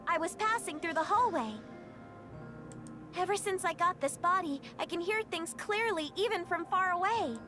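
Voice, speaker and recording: An actress voicing an earnest young woman who is an experimental subject, speaking game dialogue with a high, clear girlish voice. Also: normal speed. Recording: game audio with music behind.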